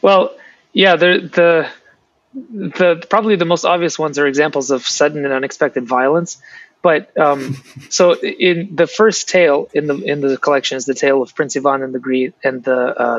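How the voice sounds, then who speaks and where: Brief: male author, lively storyteller, a bit high, lo-fi dry call audio. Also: dry recording. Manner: animated storyteller, restarts often. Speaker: author and guest. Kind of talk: storytelling interview answers. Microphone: video call.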